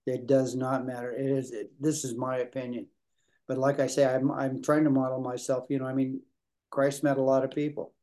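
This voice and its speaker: An older man, an Episcopal priest, answering interview questions in a halting way, repeating words and leaning on fillers. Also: medium pitch, little pitch movement, warm tone. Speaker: Episcopal priest, prison minister.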